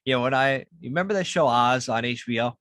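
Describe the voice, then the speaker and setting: A man co-hosting a podcast, talking in casual chat and telling stories with heavy swearing and animated energy. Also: mid-range voice, fairly quick, dry recording. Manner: profane, animated storytelling. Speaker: podcast co-host.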